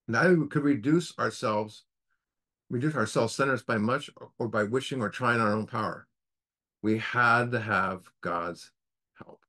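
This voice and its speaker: A low-voiced man leads a recovery group study, teaching with earnest, preacher-like conviction. He keeps turning to the group with rhetorical questions as he works through the text. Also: a bit bright.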